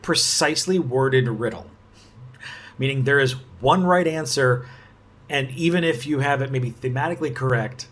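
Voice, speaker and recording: A man hosting a puzzle-solving video, talking it through in a chatty way and rising in pitch on key words. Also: fairly bright tone. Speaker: puzzle channel host. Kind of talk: casual puzzle-solving commentary.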